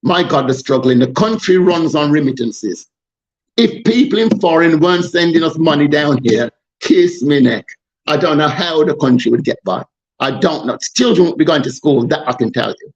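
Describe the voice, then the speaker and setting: Man, higher-pitched, fired-up political chat, muffled lo-fi sound. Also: lively intonation, moderate pace. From Jamaica. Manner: passionate, exasperated, rambling with restarts. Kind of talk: casual political discussion.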